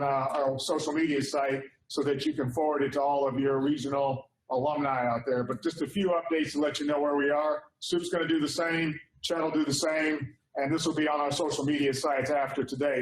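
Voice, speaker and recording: A man in his sixties gives a chatty, upbeat welcome, with plenty of ums and restarts. His voice sits a little high for a man. The room rings with echo, and a faint hum of ambience sits underneath. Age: 60s. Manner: upbeat, chatty, with frequent fillers. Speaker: alumni association president. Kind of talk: casual welcome address. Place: indoor hall.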